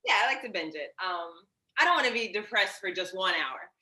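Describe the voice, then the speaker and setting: A woman's voice: medium pitch, big pitch swings, a little fast, sharp tone. A young woman guest in a casual film chat, agreeable and chatty, who pokes fun at herself.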